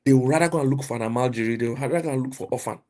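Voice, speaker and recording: A middle-aged Nigerian man with a Nigerian accent, preaching and mentoring emphatically, repeating himself and rising to loud outbursts. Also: mid-range voice, racing. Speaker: pastor and mentor. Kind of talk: motivational preaching.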